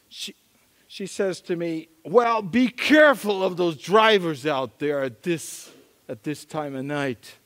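A middle-aged male pastor preaching a story-driven sermon, animated and acting out the voices in his anecdotes. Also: a little high. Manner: animated, acts out quoted voices, chuckles at himself. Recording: long reverb of a large hall.

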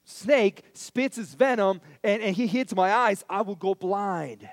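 A man voicing an excited male wildlife showman who handles snakes, with breathless enthusiasm. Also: sits high, unhurried, dry recording, clean studio sound. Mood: earnest.

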